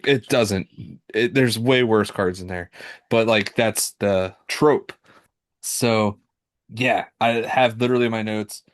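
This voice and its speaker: A man's voice: on the low side, slow, no room sound, clean studio sound. A man co-hosting a comic book podcast, talking casually with fillers and self-corrections. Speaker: podcast co-host. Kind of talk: casual chat.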